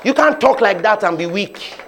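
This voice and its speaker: High-voiced preacher. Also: male voice, lively intonation, moderate pace, a loud crowd. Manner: leads call-and-response declarations. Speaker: pastor. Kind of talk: sermon.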